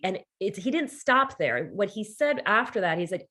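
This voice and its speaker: A middle-aged woman with a Canadian accent, a podcast guest telling stories with lively quoted voices. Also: medium pitch, normal speed. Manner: animated storytelling with quoted voices. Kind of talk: podcast interview.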